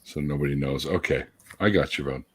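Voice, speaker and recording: A man hosting a casual online chat show, speaking warmly to viewers in the live chat. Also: very deep voice, a little fast, husky. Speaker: podcast host.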